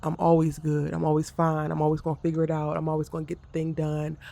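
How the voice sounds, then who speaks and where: Woman vlogger just venting to the camera, kinda flat delivery, lots of vocal fry. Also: sits low, quick pace. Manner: frank, venting about a hard day. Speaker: content creator. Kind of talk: candid vlog monologue.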